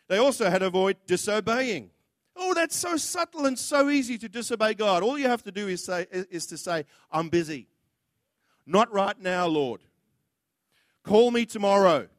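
A man's voice: high-pitched, no echo, studio quality. A man preaching a sermon, blunt and impassioned, acting out the words of others as he goes.

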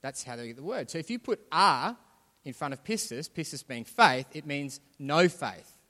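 A man's voice: a little high, sing-song, normal speed, pushed and bright. A man preaching a sermon as pastor, talking conversationally and building to emphatic points. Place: church hall. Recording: long hall reverb.

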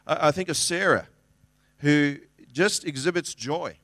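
A man's voice: fairly high pitch, a little slow, fairly bright tone, no room sound. A middle-aged man preaching a sermon as a pastor, in a conversational, earnest way with restarts and acted-out quotes.

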